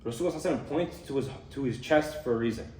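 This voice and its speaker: A young man giving a casual talk on a hadith, explaining in a relaxed way with fillers and Arabic terms. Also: mid-range voice, very fast, a little hiss or hum. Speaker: student speaker on hadith. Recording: echoey room from far off.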